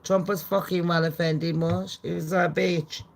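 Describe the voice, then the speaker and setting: A woman giving swearing, animated gossip commentary on her channel. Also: on the low side, moderate pace, gravelly. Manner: animated, swearing, laughing asides. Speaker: commentary vlogger.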